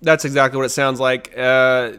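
A man's voice: mid-range voice, steady tone, moderate pace, pushed and bright, smooth. A man co-hosting a podcast, chatting casually and playfully, often trailing off mid-thought. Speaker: podcast co-host. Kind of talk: casual chat.

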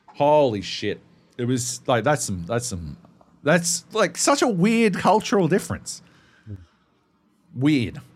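A man's voice: on the high side, sing-song, takes it slowly, pauses often. A man, co-hosting a podcast, telling stories in a profane, rambling, casual way. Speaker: podcast co-host. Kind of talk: casual chat.

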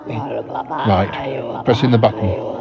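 A man's voice: fairly low pitch, extremely slow, vocal fry, heavy background noise. A man hosting an improvised comedy podcast, hesitant and polite, often stammering. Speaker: podcast host. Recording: dull lo-fi recording.

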